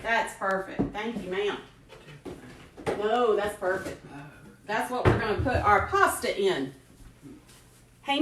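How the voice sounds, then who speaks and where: Woman, home cook hosting a live stream, mid-pitched and chatty, echoey kitchen. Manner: chatty, greets viewers by name, laughs often. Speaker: host cooking on a live stream. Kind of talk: casual live cooking chat. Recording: echoey kitchen with faint noise.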